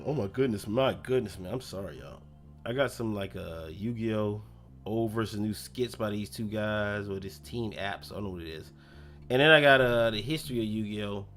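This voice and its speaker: A man's voice: on the low side, expressive, moderate pace, a bit bright. A young man chatting casually on his gaming live stream, loose and slangy, rambling between topics. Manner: loose, slangy, rambling, lots of self-talk. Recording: faint music behind.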